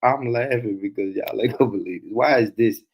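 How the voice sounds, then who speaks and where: A man's voice: on the low side, fairly quick, husky. A man hosting a casual commentary stream, talking loosely and profanely and laughing often. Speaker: host.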